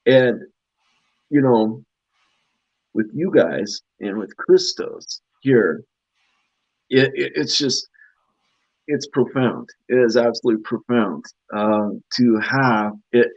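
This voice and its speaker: A man's voice: mid-range voice, slow, long pauses, no room sound. A man speaking earnestly and emotionally in a spiritual talk-show conversation, rambling with fillers over a video call. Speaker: guest speaker. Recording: dull, lo-fi dry audio.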